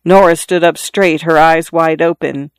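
A narrator reading a literary story aloud in a measured, even storytelling manner. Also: medium pitch, clean tone, no echo.

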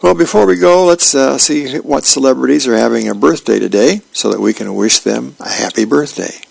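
A man reading newspaper comic strips aloud on the radio at a steady pace, acting out the characters. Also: mid-range voice, moderate pace, gravelly, slightly rough, dry recording, rough recording. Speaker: radio reader.

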